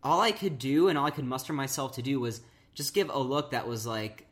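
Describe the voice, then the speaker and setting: A young woman in casual chat, talking haltingly with frequent restarts and filler words. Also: very deep voice. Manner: halting, restarts often with many "like"s.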